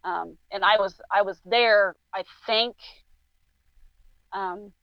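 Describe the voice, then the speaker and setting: Woman guest, halting storyteller full of restarts, dull lo-fi recording, dry. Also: medium pitch, steady tone, no room sound. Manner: halting, tells stories with many fillers and restarts. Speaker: guest paranormal investigator. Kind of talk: casual podcast chat. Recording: dull lo-fi sound.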